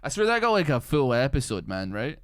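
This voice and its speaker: A man's voice: mid-range voice, sing-song, a little fast, clean tone, no room sound, studio quality. Rambling, swearing male streamer. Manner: rambling and profane, full of filler words. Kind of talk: casual chat while playing a video game.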